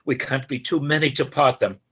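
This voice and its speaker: A man's voice: mid-range voice, fairly even intonation, brisk, a bit bright, husky. A man reading a servant's part aloud in a live play reading, frantic and urgent. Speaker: volunteer reader playing a servant.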